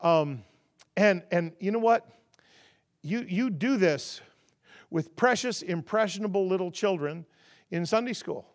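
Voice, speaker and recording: A man preaching as a guest, stacking rhythmic contrasts that swell loud and then dropping into a relaxed, conversational and humorous storytelling tone. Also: measured pace, pauses often. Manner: rhythmic call-and-response contrasts, rising to loud emphasis then dropping low. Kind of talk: sermon.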